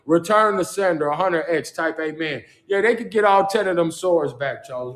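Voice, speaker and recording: A man's voice: high-pitched, normal speed, hardly any pauses, roomy sound. Rambling, profane man on a livestream. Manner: rambling, repeats "Charles" and "chosen one" as a refrain; profane, slangy street talk. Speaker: livestream host. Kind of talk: casual livestream monologue. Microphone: phone.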